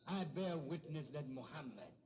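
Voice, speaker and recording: A man preaching a sermon to a live audience, climbing into shouts and drawing out quoted lines. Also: on the high side, expressive. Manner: preaching, rising to shouts, drawn-out quotations. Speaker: minister. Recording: noisy old speech recording.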